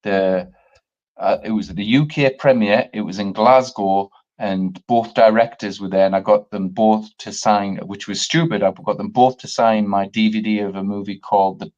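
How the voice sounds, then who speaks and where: A man's voice: fairly low pitch, steady tone, normal speed, a little mellow, lo-fi sound. A man co-hosting a casual chat show, talking with passion, rambling and swearing freely. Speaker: podcast co-host.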